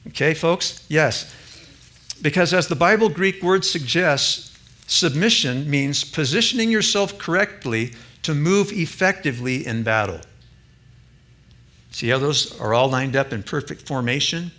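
A male preacher delivers a sermon in a bright, slightly high voice. He speaks emphatically and turns often to the congregation with direct questions. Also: measured pace. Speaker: pastor.

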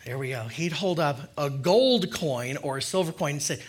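Friendly higher-voiced man preaching. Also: lively intonation, moderate pace. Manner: friendly, conversational, with filler words. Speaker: lay preacher. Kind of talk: casual sermon. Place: church.

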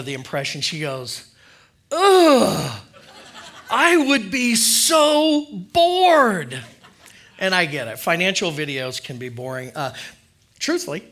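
A man's voice: on the high side, sharp tone. A man giving a casual, conversational sermon in church, friendly and loose with filler words. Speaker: lay preacher.

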